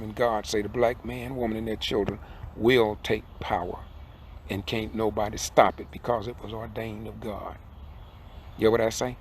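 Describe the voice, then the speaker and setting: A man's voice: on the low side, slight background noise. Older man in his sixties, a preaching commentator who drives hard at each point from behind the wheel. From southern Georgia, USA. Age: 60s. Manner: fiery, preacherly, repeats points, rises to emphatic peaks. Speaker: independent video commentator. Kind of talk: impassioned preaching monologue. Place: in a car while driving.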